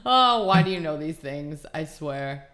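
A woman co-hosting a talk show in casual chat, blunt and quick to laugh. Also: low voice, expressive, a crowd in the background. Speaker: podcast co-host.

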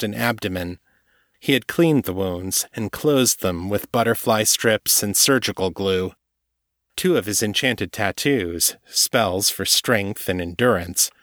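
A man narrates a novel in a steady, measured audiobook read. His voice sits on the low side, recorded close on a studio mic in a dry space with no room sound. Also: no room sound.

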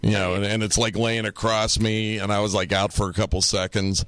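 A man's voice: lowish voice, little pitch movement, fairly quick, a bit bright, no room sound. A middle-aged man co-hosting a podcast, telling rambling, profane stories and laughing through them. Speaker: podcast co-host. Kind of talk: casual storytelling chat.

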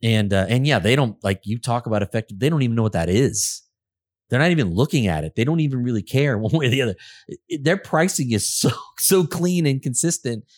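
A man's voice: medium pitch, lively intonation, quick pace, a little mellow, dry recording, clean studio sound. A middle-aged man co-hosting a casual podcast, talking in a rambling way with many restarts. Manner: rambling, full of restarts and fillers. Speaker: podcast co-host, auto service consultant.

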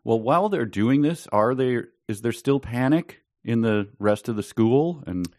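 A man's voice: medium pitch, animated, measured pace, a little mellow, dry recording, studio quality. A man co-hosting a casual podcast about a book, asking wry questions and reading quotes with mock drama. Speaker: podcast co-host. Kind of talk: casual book-discussion chat.

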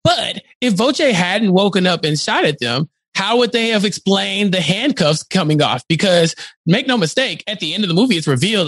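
A man from Texas talks in a high, very lively voice, swooping up and down as he acts out each quote. The sound is close and dry, with no room around it. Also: a little fast, no room sound. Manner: animated storyteller, acts out quotes. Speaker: podcast co-host. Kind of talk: casual chat.

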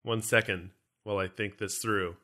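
A man co-hosting a podcast in casual, joking banter, animated and self-mocking. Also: on the low side, moderate pace. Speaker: podcast co-host.

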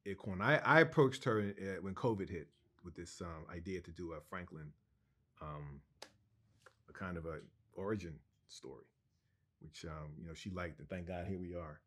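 A man being interviewed as a guest co-writer, telling an anecdote in an animated, excited way, with restarts and laughs. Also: low-pitched, normal speed.

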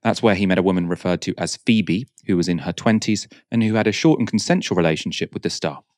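A male documentary narrator with a very low, deep voice, reading his script in a measured, grave way. The studio voice-over is bone-dry, with no room sound around it. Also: animated, a little mellow, no room sound.

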